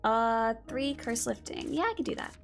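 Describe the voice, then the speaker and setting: A woman's voice: fairly high pitch, animated, normal speed, creaky, over music. A young woman streaming a game live, chatting casually with viewers in a playful, teasing way and swearing now and then. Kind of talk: casual live-stream chat while gaming.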